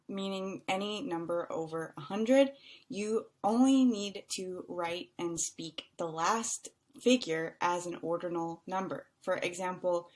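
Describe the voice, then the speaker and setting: A young adult woman teaching an online English lesson, explaining slowly and carefully and stretching out example words so learners can hear them. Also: medium pitch.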